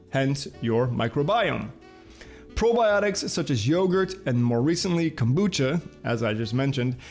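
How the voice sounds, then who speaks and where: A man's voice: on the high side, a little mellow. A man hosting a casual video show, reading headlines and chatting with lots of filler uhs. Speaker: host.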